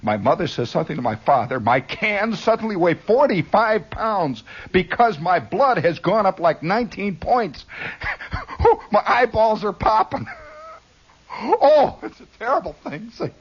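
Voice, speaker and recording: A man's voice: high voice, very animated, measured pace, slightly rough. A man telling a rambling first-person story on the radio, talking to listeners with repeated words and asides. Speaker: radio monologist. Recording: dull lo-fi 1960s radio broadcast.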